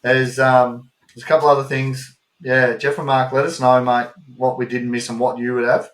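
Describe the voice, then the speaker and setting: Australian male podcast co-host with a mid-range voice, animated casual storyteller, recorded in an echoey room. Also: medium pitch, moderate pace. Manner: animated storytelling, swears freely. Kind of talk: casual chat. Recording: roomy echo.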